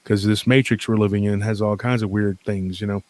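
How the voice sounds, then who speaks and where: A man telling a long personal story as a podcast guest, rambling and animated, with many fillers and restarts. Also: on the low side, fairly quick, no echo.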